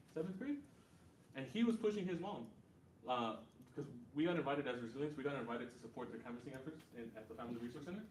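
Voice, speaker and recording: Young man, quick casual talk, heavy fillers, echoey room, heard from a distance. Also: mid-range voice, a little mellow. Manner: casual, many fillers and "right?" tags. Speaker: community organizer speaker. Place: university meeting room. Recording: echoey room, far from mic, faint noise.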